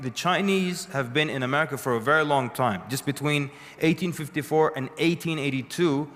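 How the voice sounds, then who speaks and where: A man's voice: medium pitch, fairly bright tone. Man lecturing in a reverberant hall. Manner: conversational storytelling with dry humorous asides. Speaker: speaker addressing an audience. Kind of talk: lecture to a live audience.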